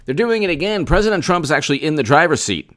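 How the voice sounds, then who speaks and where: A man hosting a casual political commentary livestream, animated and repetitive, often restarting his sentences and speaking straight to viewers. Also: a little high, quick pace. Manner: animated, repetitive, mock-quoting opponents, frequent restarts.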